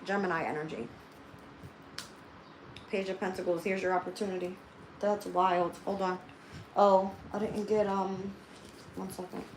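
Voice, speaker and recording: A woman's voice: medium pitch, flat delivery, unhurried, pauses often, roomy sound, a little hiss or hum, low-quality recording. A woman giving a livestream tarot reading. She talks straight to her viewers, blunt and heavily profane, and thinks aloud as she turns the cards. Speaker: tarot reader.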